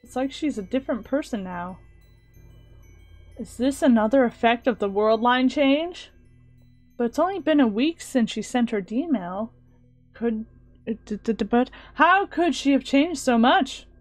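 A woman reading a visual novel aloud, narrating and reacting with animated asides. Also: on the high side, measured pace, dry recording, soft background music. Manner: animated reactions and filler sounds. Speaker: let's play host.

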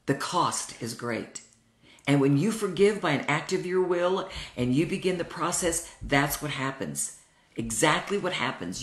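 Earnest woman in her sixties teaching. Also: deep voice. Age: 60s. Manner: earnest, heartfelt personal storytelling. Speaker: Bible study teacher. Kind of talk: Bible study teaching. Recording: roomy echo.

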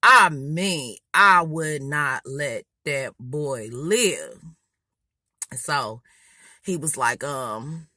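A young woman beauty vlogger telling a story while doing her makeup, animated and loud, acting out what people said. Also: sits low, extremely slow, slightly rough, no echo, clean studio sound. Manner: animated, loud, acting out quotes in Southern US slang.

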